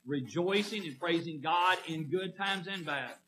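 A man's voice: on the high side, unhurried, sharp tone, low-quality recording. A middle-aged man preaching a sermon in a folksy way, often putting questions to the congregation.

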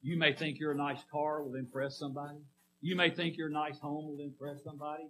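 Folksy preacher man, bright voice. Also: on the high side, flat delivery, brisk, poor audio. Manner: folksy, asks the congregation questions. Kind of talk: sermon.

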